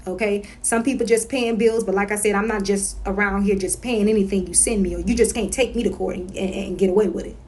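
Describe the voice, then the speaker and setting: Speaking fast with few pauses, this woman has a medium-pitched, steady, slightly mellow voice. As a consumer-rights vlogger in a casual home video, she instructs viewers emphatically, repeats herself, and asks "okay?" again and again.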